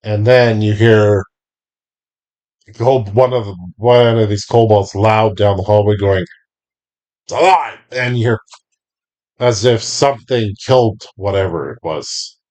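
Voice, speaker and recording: A man running a tabletop game as game master, describing scenes slowly and deliberately. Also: on the low side, steady tone, darkish tone.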